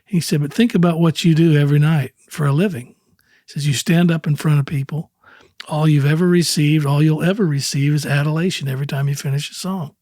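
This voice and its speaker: A country singer in his sixties, appearing as an interview guest, rambles through relaxed anecdotes, quoting what others said and chuckling easily. His voice is a little high for a man, and he talks briskly. The recording is dry and close.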